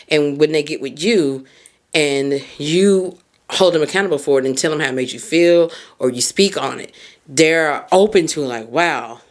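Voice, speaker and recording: Earnest woman podcast host giving advice. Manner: earnest, speaks straight to the listener; expressive pitch swings on emphasis. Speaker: podcast host and mindset coach. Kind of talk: heartfelt advice monologue.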